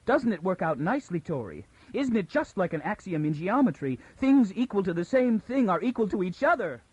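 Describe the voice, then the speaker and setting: A man voicing a frightened young woman who reasons tensely through her fear, pitched above his own voice. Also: big pitch swings, normal speed, mellow, breathy edge, no echo, exaggerated voice, low-quality recording. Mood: near hysteria.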